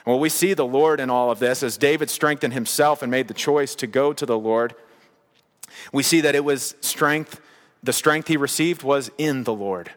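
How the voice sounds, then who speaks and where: A man's voice: mid-range voice, normal speed. Emphatic male preacher in a reverberant hall. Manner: emphatic, repetitive preaching cadence. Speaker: pastor. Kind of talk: sermon.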